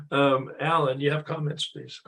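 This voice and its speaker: A man's voice: medium pitch, creaky, pushed and bright. A man leading an online recovery workshop, sharing his own experience in a reflective way before opening the floor for questions. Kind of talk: reflective talk to an online group.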